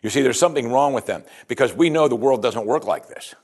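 A man's voice: medium pitch, lively intonation, fast. A man preaching a sermon as pastor in a conversational way, often saying "you see" and restarting his sentences.

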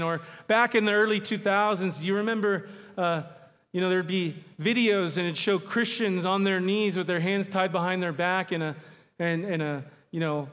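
High-voiced preacher in an echoing hall. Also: male voice, a bit bright. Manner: emphatic, slowing down on key words. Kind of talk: sermon. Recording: long hall reverb.

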